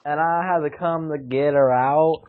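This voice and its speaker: A man's voice: on the high side, unhurried, phone-quality sound, lightly acted. A man voicing a dim-witted, hungry redneck man with a put-on Southern drawl, whining and pleading. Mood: whiny. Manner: lively, whiny pleading.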